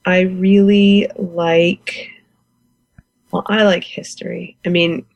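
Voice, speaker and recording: A woman's voice: fairly low pitch, level tone, slow, no echo, muffled recording. A woman in her forties from the United States, a guest beekeeper chatting in an interview, enthusiastic and laughing often. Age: 40s. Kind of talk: casual interview chat.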